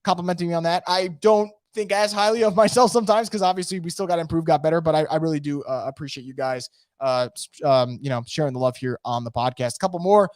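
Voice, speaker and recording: A man hosting a casual live sports podcast from home, energetic and opinionated, rambling with frequent restarts. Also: a little high, fast, no echo, studio quality. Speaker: podcast host. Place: home room.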